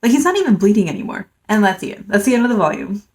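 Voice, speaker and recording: A woman's voice: medium pitch, sing-song, rapid-fire. A woman giving a casual manga review, rambling and dry, full of fillers and sarcastic asides. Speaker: book reviewer.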